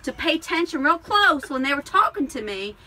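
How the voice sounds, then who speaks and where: A woman co-hosting a casual farm podcast, chatty and quick to laugh while telling stories. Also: high voice, very animated, pushed and bright, rough recording. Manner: chatty, laughs often, storytelling. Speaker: podcast co-host, alpaca farmer. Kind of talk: casual chat.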